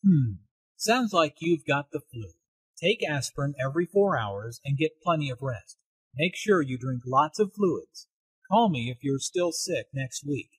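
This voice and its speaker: Male reader as a calm doctor: high-ish, slightly husky, dry, matter-of-fact. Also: a little slow, no echo. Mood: advising. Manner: matter-of-fact, reassuring instructions.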